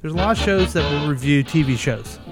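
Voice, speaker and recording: Male podcast host, fairly high voice, jokey and rambling, faint music underneath. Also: expressive, brisk. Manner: jokey, rambling, restarts often. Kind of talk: casual comedic chat reviewing commercials.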